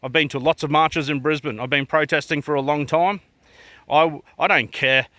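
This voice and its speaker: A man's voice: on the high side, steady tone, normal speed, sharp tone, no echo. An Australian man ranting to camera in a blunt, profane way, firing off rhetorical questions. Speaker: vlogger.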